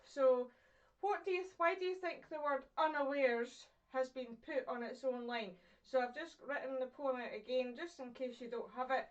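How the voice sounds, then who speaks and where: A Scottish woman, an English teacher, gives a chatty, encouraging online poetry lesson, asking questions and pausing for her pupils. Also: high voice, distant mic, muffled recording.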